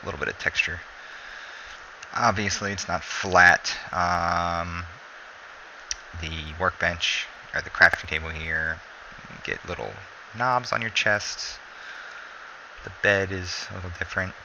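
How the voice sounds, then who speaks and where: Sleepy male gameplay commentator, low and gravelly, meandering and self-correcting. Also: unhurried, long pauses, a little hiss or hum, rough recording. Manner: rambling, self-correcting, relaxed. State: sleepy, yawning.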